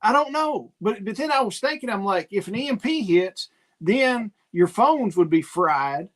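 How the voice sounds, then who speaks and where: A man's voice: sits high, expressive, normal speed. Laid-back man musing aloud. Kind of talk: casual livestream chat.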